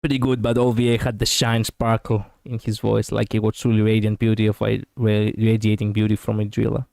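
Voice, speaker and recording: Chatty man with a smooth, dry voice. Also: fairly low pitch, monotone, brisk, a little mellow, no room sound. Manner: chatty, laughs often. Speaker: streamer. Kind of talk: casual reaction commentary.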